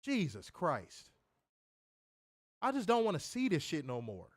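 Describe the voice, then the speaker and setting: A man's voice: sits high, quick pace. A man co-hosting a wrestling review show, ranting casually with frequent swearing and mimicked voices. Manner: animated, swears freely, mimics voices, laughs loudly. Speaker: podcast co-host reviewing wrestling. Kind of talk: casual profane commentary.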